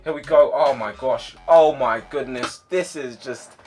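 A young man giving live commentary on his own football video game match, excitable, yelling at his players and sighing in frustration. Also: medium pitch, unhurried, soft background music. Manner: excitable, shouts at players, swings to frustrated sighs. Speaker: gaming YouTuber.

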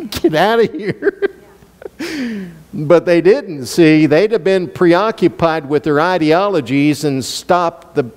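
A male pastor preaching a sermon with animated, sweeping delivery. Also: on the high side. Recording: long reverb in a church hall.

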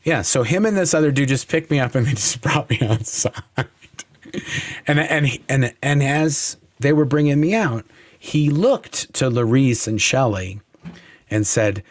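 A man as a podcast guest, telling a story in a blunt, profane, animated way. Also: mid-range voice, a little slow, no room sound. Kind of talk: casual storytelling interview.

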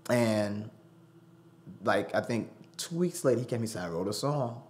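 A man's voice: lowish voice, moderate pace, slight background noise. A man telling a personal story as a studio guest, acting out the voices he quotes. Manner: animated, acts out quoted voices. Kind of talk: storytelling interview.

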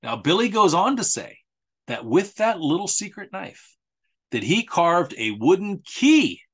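A man's voice: high-pitched, big pitch swings, measured pace, slightly rough. Sarcastic conversational man. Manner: sarcastic, conversational, with emphatic repetition. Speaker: author presenting a history series. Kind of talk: casual spoken presentation.

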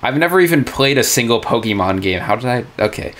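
A young man reacting to his old songs in casual, joking commentary, sarcastic and quick to laugh. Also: mid-range voice, animated. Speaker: music reaction YouTuber. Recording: music playing loudly under the voice. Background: his own music playing.

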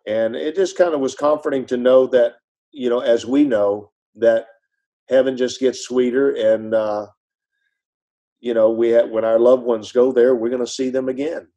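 A middle-aged man, a pastor and author, telling stories in an earnest, conversational preaching way, his voice dropping soft and low when he speaks of grief. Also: steady tone, normal speed, rough recording. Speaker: pastor and author, podcast guest.

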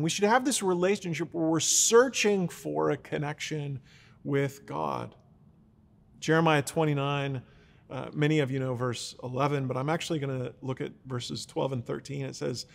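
A man's voice: a little high, moderate pace, gravelly, long reverb tail. A man preaching a teaching sermon in an earnest, explaining way, often restarting his words. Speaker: pastor.

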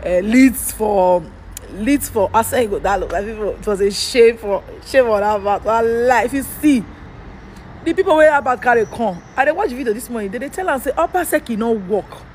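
Edo vlogger, man, Nigerian Pidgin accent; quick, heated commentary with pointed rhetorical questions; faint traffic noise behind. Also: very high voice, lively intonation. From Edo State, Nigeria. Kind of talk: political commentary rant.

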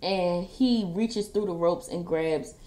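A woman vlogger talks straight to her viewers while doing her makeup. She tells the story in an animated, dramatic way and breaks into the voices of the people involved. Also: fairly low pitch, slow. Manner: animated storytelling, quoting wrestlers in a raised voice. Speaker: beauty and wrestling vlogger.

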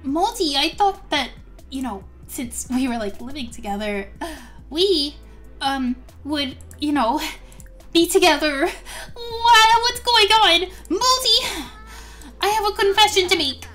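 A woman's voice: extremely high pitch, fairly even intonation, drawn-out words, pushed and bright, faint music behind, voice pushed up, full character voice. A woman voicing a jealous young female fairy who stammers and fumbles for words. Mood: flustered. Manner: stammering, flustered.

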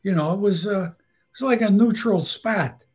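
A man with a husky, somewhat high voice spins casual, blunt stories from his past. He talks plainly and swears without a second thought. He often laughs at his own punchlines. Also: moderate pace, a little mellow. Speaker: guest storyteller. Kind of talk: casual storytelling.

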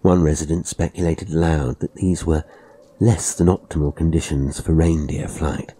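A man narrates a horror audiobook with measured, atmospheric delivery. His voice is very deep and gravelly, with a dark, husky tone.

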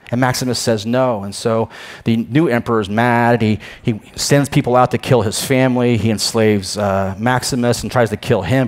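An American pastor with a mid-range voice preaches a sermon emphatically. He swings between loud proclamations and quiet asides, often repeating words as he begins a phrase.

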